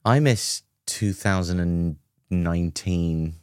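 A man's voice: low-pitched, takes it slowly, a little mellow, a little hiss or hum. A man co-hosting a podcast in casual chat, making wry, dry quips. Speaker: podcast co-host.

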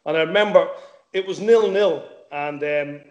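A man's voice: fairly high pitch, normal speed, darkish tone, reverberant, lo-fi sound. A middle-aged man, a former footballer chatting as a guest, repeating words and swearing casually. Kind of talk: casual interview chat.

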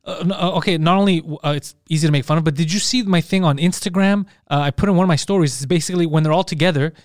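A man from Montreal who hosts a podcast, telling stories in fast, profane, exasperated casual chat with a fellow comedian. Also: on the high side, no echo, studio quality. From Montreal, Canada. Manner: rapid, profane, exasperated storytelling.

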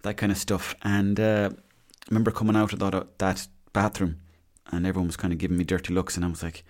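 A man in his thirties with an Irish accent and a fairly low voice, talking on his own in a loose, rambling podcast chat. He pokes fun at himself and drifts from one thing to the next. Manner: rambling, self-mocking and chatty. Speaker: podcast host. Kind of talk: casual solo podcast chat.

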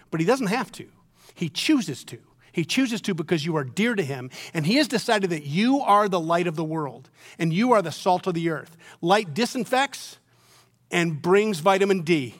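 A middle-aged man preaching a sermon, moving from soft, near-whispered lines to loud, emphatic peaks. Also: sits high. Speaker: pastor.

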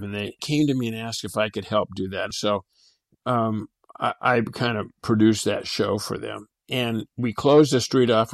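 A man's voice: lowish voice, dry recording. A man, an interview guest, recalling past events in plain, casual talk with small restarts. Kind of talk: casual recollection.

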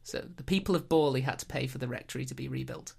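A woman's voice: extremely low pitch, fast, gravelly, a little mellow, breathy edge. A British woman hosting a podcast, telling a history story in a dry, wry way. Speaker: podcast host. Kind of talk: casual storytelling chat.

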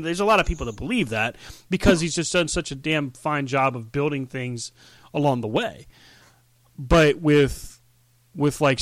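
Guy geeking out on a podcast, jokey, animated, super dry mic. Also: a little high, dry recording. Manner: enthusiastic, joking, animated storyteller. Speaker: podcast co-host. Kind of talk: casual wrestling chat.

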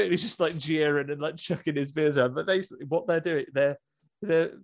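A man's voice: fairly high pitch, fairly even intonation, fairly quick. A man casually recapping a film plot, rambling with restarts and acted-out quotes. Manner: rambling, laughing, full of restarts and quoted voices.

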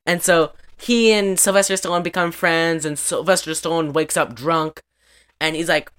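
Low-pitched woman, casual co-host, profane and chatty. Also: fairly even intonation, moderate pace, fairly bright tone, smooth. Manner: chatty, profane, laughs often. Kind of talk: casual chat recapping a movie.

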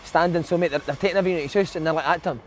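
A man's voice: a little high, very fast, slight background noise. A Scottish man hosting a casual chat, laughing often and telling a funny story.

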